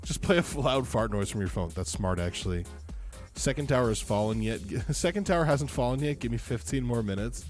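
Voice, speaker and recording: A man's voice: mid-range voice, fairly quick, faint music behind. A man streaming, telling a story in casual chat, exasperated and swearing freely. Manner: animated, exasperated, profane.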